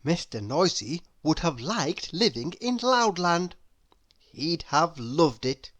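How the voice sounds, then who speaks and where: A woman reading a children's story aloud, expressive and asking the listener questions. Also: low-pitched, takes it slowly.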